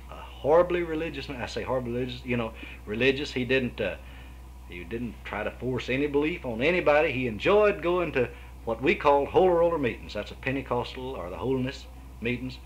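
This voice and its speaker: A man's voice: mid-range voice, animated, brisk, a little hiss or hum, poor audio. Folksy Kentucky-accented man telling stories. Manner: folksy, rambling, with frequent restarts and "you know". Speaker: guitarist guest. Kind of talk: storytelling interview answers. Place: his home.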